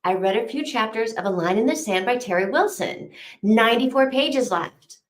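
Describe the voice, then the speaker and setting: A woman's voice: fairly high pitch, lively intonation, normal speed, echoey room. A woman hosting a reading sprint, chatting casually and rambling with lots of fillers while she reads out comments. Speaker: host of a reading sprint stream.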